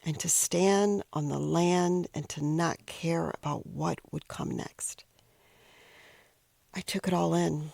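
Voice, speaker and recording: A middle-aged woman tells a personal story in a reflective, emotional way. Her voice carries a heavy, gravelly fry. She often pauses and sometimes drops to a near whisper, recorded close and dry. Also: deep voice, fairly even intonation, a little mellow, no room sound. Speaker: podcast host telling a personal story.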